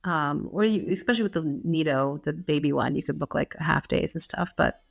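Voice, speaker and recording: American woman, thirties, low gravelly voice, chatty podcast co-host, quick laughs. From United States. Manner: chatty, laughs often, many fillers. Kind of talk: casual chat.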